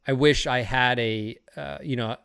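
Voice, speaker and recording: A man's voice: mid-range voice, fairly even intonation, a little slow, creaky, fairly bright tone, smooth, dry recording, clean studio sound. A man talking in a casual podcast chat, rambling and profane, often getting fired up. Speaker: streamer and podcast host.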